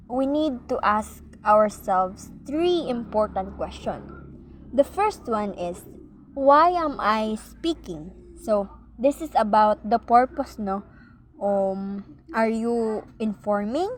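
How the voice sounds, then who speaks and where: A woman student presenting her part of a class report in an online lesson, deliberate and adding "no?" to check understanding. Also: fairly high pitch, expressive, a little hiss or hum. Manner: slow and deliberate, tag question "no?". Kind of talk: class report on speaking skills.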